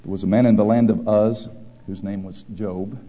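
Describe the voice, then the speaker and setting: A man preaching a sermon, swinging between loud declaiming and quiet asides. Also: on the low side, steady tone, normal speed. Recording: long hall reverb.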